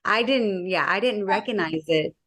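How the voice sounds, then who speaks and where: A woman's voice: mid-range voice, moderate pace, a bit bright. A woman sharing her personal faith testimony in a casual interview, acting out the dialogue she recalls and using frequent fillers.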